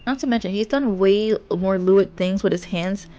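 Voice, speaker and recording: A woman's voice: mid-range voice, normal speed, dark tone, muffled recording. Giggly young woman reading a game aloud. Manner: giggly, rambling asides. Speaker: streamer. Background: game music.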